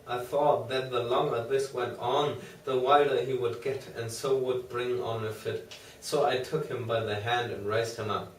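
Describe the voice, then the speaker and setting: A man reading an audiobook aloud in a slow, measured way. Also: mid-range voice, steady tone. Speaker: audiobook reader. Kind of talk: audiobook narration. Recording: roomy, distant mic, faint noise.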